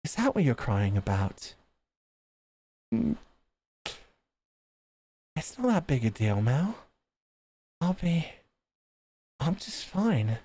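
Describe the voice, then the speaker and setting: A man voicing a sickly, gentle young sister who softly reassures her brother. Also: mid-range voice, sing-song, slow pace, pauses often, slightly rough, pitched above the performer's own voice, exaggerated voice. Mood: soft, reassuring. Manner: soft, reassuring, hides her illness. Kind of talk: visual novel read-aloud.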